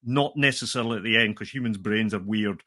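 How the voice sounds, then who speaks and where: A man's voice: on the low side, quick pace, bright, forceful tone. A man hosting a podcast interview, thinking aloud and restarting phrases as he works through an idea. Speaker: podcast host. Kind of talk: conversational interview.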